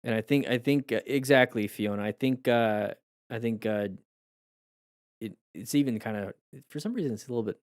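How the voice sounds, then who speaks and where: A hoarse man chatting live with his viewers, in a mid-range voice that sounds close and dry. He muses in a reflective, rambling way and keeps restarting his sentences as he works out his thoughts. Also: medium pitch, normal speed, no echo. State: voice going hoarse. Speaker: motorcycle riding coach streaming live. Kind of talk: casual live-stream chat with viewers.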